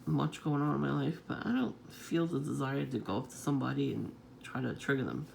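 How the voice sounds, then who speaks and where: Rambling through an unscripted monologue, this vlogger speaks a little fast in a deeply gravelly, fry-heavy voice of middling pitch. The delivery is scattered and profane, with chuckles breaking in often, and a little hiss or hum sits under the audio.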